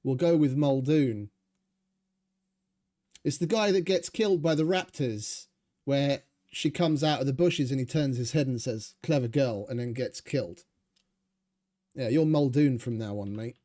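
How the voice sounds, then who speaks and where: A man's voice: mid-range voice, moderate pace, warm tone. A man giving casual, rambling gameplay commentary as a streamer, chatty and swearing freely. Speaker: gaming streamer.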